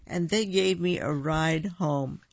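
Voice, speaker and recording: A man's voice: a little high, slow pace, vocal fry, no echo, highs cut off, exaggerated voice. A man doing a tiny lost fawn, Baby Deer. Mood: relieved. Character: small lost young male fawn, timid. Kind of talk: picture-book read-aloud.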